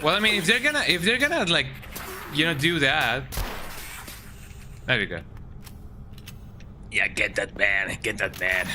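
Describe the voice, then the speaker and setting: A man's voice: medium pitch, lively intonation, unhurried, long pauses, noisy background. A man streaming a video game while sick with a cold, chatting casually and tagging his lines with "eh?". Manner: laid-back chatter, tags lines with "eh?".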